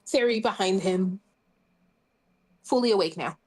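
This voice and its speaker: A woman's voice: mid-range voice, a little slow, darkish tone. A woman player describing her character's actions in a tabletop game, giggling and filling her talk with "like". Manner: giggly, full of "like" fillers.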